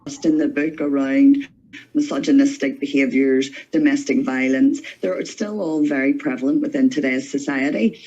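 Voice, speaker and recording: A man's voice: medium pitch, moderate pace, warm tone. A man on an advisory committee, speaking earnestly in a recorded interview clip, stopping and restarting his phrases. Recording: dull lo-fi video clip.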